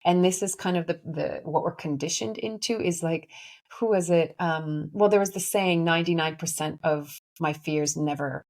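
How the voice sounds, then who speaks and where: A young adult woman with a low voice and a gravelly edge, talking slowly through her thoughts about the inner self. She rambles with fillers and restarts as she reflects, in the loose manner of a spiritual reader. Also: a little mellow. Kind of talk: casual reflective monologue.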